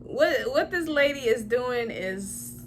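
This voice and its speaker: A woman's voice: high voice, lively intonation, takes it slowly. A woman hosts a reaction video, speaking bluntly and laughing as she mocks what she hears. Her talk is casual commentary with a faint hiss of noise behind her.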